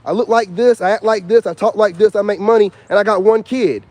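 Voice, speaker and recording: A man's voice: high voice, steady tone, brisk, darkish tone. A man in his thirties talking in a casual vlog monologue, emphatic and repetitive with a slangy delivery. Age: 30s. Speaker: YouTuber.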